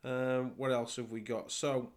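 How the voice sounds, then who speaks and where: A young man with a West Midlands English accent, hosting a solo soccer podcast and talking in a halting way with many fillers and repeated words. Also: mid-range voice, flat delivery. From England. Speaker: podcast host and soccer coach.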